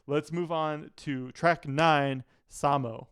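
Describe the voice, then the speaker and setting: A man's voice: on the high side, fairly even intonation, slow, noisy background. A man, a music producer, giving an enthusiastic, analytical reaction to an album in casual talk, often leaning on "like" as a filler.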